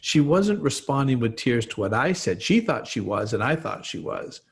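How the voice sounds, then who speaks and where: A man's voice: medium pitch, very animated, normal speed, creaky. A man, an expert guest on a podcast, explaining trauma through everyday examples. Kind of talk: explanatory interview talk.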